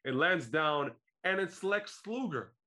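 A man from Israel co-hosting a podcast, retelling a wrestling event in a lively, joking casual chat. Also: on the high side, takes it slowly. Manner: animated storytelling, laughs often. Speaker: podcast co-host.

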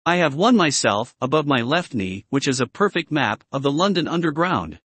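A man doing a calm, wise old wizard. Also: fairly high pitch, normal speed, husky.

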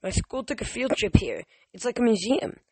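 A man voicing a firm, take-charge teenage girl in a storybook reading, pitched a little higher. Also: very animated, normal speed, mellow, husky, dry recording, heavily acted.

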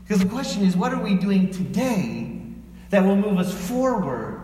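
A high-pitched man delivers a lively sermon, slipping into quoted voices as he preaches. He is heard from a distance in a large church hall with long reverb, and a faint hum of the room sits behind him. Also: normal speed. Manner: animated, acts out quoted voices. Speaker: pastor. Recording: echoey hall from far off.

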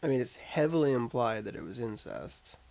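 Gravelly casual man reviewing a film. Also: mid-range voice, sing-song, fairly quick, darkish tone. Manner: rambling, many "like" fillers. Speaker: podcast co-host discussing a film. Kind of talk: casual chat. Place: upstate New York.

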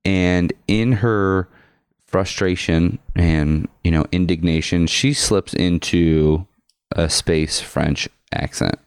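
A man co-hosting a podcast, chatting casually and asking measured questions. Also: low voice, steady tone, smooth, no echo, studio quality. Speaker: podcast co-host. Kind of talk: casual discussion.

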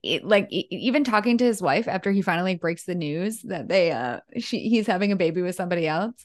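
A woman's voice: on the low side, expressive, fast. A woman co-hosting a podcast in casual chat, talking with frequent laughs and fillers. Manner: chatty, laughs often, many fillers. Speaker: podcast co-host.

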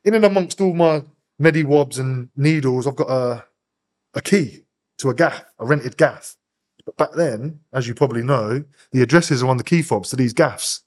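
A man's voice: mid-range voice, normal speed, darkish tone. A man, a podcast guest telling a hard personal story in blunt, profane street slang. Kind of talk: candid storytelling interview.

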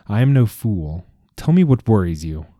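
A man's voice: on the low side, sing-song, moderate pace, dark tone, no room sound, clean studio sound. Man voicing an ancient restrained desert king. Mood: courteous. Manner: formal, stately speech.

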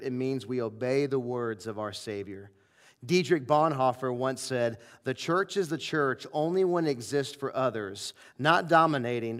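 A male preacher telling a personal story in a revival sermon, acting out the dialogue with lively shifts of voice. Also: medium pitch. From southern United States.

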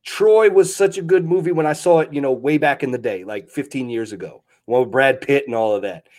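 A man's voice: mid-range voice, fairly quick, darkish tone. A man co-hosting a casual podcast, rambling and laughing between his points. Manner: laughs often while talking, rambling. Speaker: podcast co-host. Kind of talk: casual banter.

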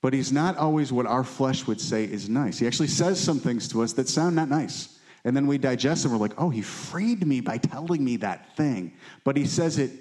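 A man's voice: medium pitch, darkish tone. Man preaching in a conversational tone. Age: adult, married. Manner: conversational preaching, frequent "right?" check-ins. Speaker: pastor. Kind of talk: sermon.

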